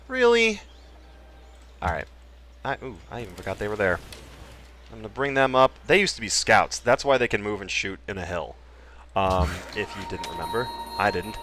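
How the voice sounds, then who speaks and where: A man's voice: lowish voice, sing-song, normal speed, pauses often, bright, forceful tone. A man hosting a casual Let's Play, cracking jokes and trailing off into mumbled asides as he explains his moves. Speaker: gaming channel host.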